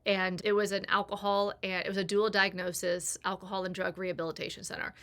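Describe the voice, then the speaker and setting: Bright-voiced woman telling a candid story. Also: medium pitch, flat delivery, fast talker. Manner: candid, acts out quoted voices in her story. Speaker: personal growth creator. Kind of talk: confessional storytelling.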